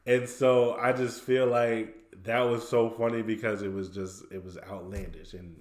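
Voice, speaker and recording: A man's voice: lowish voice, little pitch movement, moderate pace, roomy sound. A man co-hosting a casual podcast, retelling cartoon scenes with quoted voices and laughs. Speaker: podcast co-host.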